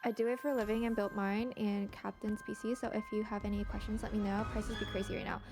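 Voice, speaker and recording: A young woman streaming, reacting to a live awards show in casual chat that often jumps into excited exclamations and gasps. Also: medium pitch, quick pace, over music.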